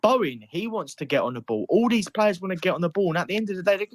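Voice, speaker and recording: A man's voice: high-pitched, animated, fast talker. A man grumbling wearily about his football team on a podcast. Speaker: podcast panelist. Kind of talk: casual football chat.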